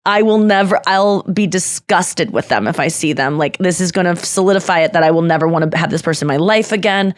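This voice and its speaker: A woman hosting a podcast in casual chat, candid and confessional, talking quickly with laughs and nursing an irritated throat. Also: on the low side, dry recording, clean studio sound. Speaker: podcast host.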